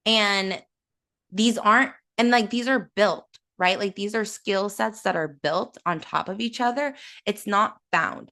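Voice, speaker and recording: A woman's voice: mid-range voice, a bit bright. A woman giving a casual, earnest talk as a self-love coach, conversational and encouraging, often tagging her points with "right?".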